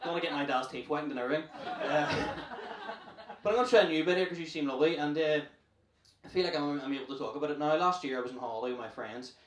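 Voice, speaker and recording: A man's voice: fairly high pitch, echoey room. Young Northern Irish male comic, brash and profane, heard off a distant mic in a noisy room. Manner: brash, profane, rapid storytelling. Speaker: stand-up comedian. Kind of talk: stand-up comedy set. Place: comedy club stage.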